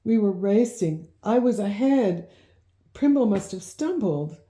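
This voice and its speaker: A woman's voice: medium pitch, measured pace, pitched above the performer's own voice, close to an everyday voice. A woman doing an eager, impulsive young boy. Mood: distressed. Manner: excitable, shouts when thrilled. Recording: roomy echo.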